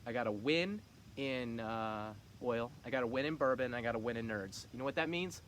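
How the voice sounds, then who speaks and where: A man's voice: medium pitch, expressive, brisk. Man, league commissioner, cocky trash talk, casual, faint background noise. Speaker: fantasy football league commissioner.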